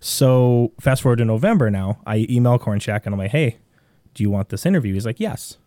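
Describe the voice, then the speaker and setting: A man with a Midwestern American accent, a podcast guest telling a long story in a rambling, animated way with many restarts. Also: medium pitch, brisk, no echo, studio quality. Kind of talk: casual storytelling.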